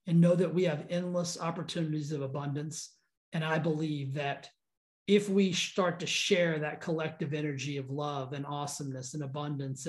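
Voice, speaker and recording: A man with a high-pitched voice delivers an earnest motivational monologue as a podcast host. He speaks fervently, repeating phrases and restarting lines as he builds momentum.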